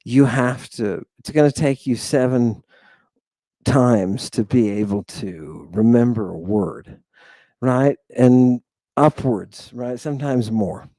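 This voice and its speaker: Slow, mellow-voiced man teaching Greek. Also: mid-range voice, dry recording. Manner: chatty, self-mocking, keeps asking "right?"; drawn-out, emphatic pronunciation drills. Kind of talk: recorded online language lecture.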